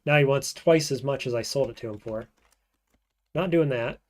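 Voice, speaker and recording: Man, gameplay commentary, thinking aloud, muttering, trails off quietly. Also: mid-range voice, normal speed. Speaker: streamer playing a roguelike.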